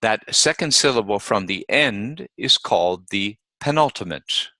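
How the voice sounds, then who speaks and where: Man, pronunciation teacher, very slow, bright clear tone, dry close sound. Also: on the low side, animated, dry recording. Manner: deliberate, models words by repeating them slowly. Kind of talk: slow instructional lesson.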